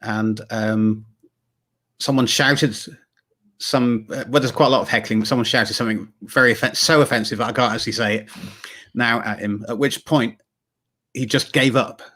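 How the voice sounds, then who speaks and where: A man hosting a livestream chat, talking casually with many pauses and fillers over a video call. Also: medium pitch, steady tone, a bit bright. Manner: hesitant, full of fillers. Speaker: livestream host.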